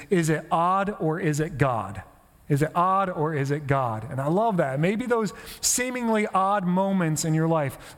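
Male pastor, conversational sermon delivery, slightly raised pitch, long hall reverb. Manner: conversational, with rhetorical questions.

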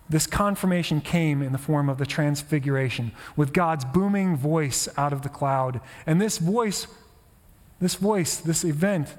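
Male pastor, conversational sermon delivery, slightly raised pitch, long hall reverb. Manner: conversational, with rhetorical questions.

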